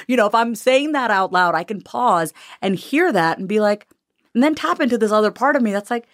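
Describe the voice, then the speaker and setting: A guest author in a conversational interview speaks candidly and animatedly about her life and upcoming book, even acting out voices. Her voice is mid-range and a little fast, recorded with clean studio sound and no room sound.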